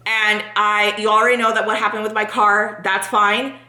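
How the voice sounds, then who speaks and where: Bright, animated young woman telling a story. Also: medium pitch, echoey room, rough recording. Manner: animated, swears freely, talks fast when anxious. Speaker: vlogger. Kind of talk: casual storytelling to friends.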